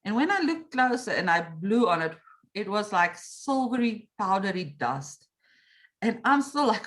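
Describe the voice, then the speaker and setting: A woman's voice: medium pitch, unhurried. A middle-aged woman, an interview guest telling a story and acting out her own reactions. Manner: animated, acts out her own past reactions and quotes. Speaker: meditation coach, interview guest.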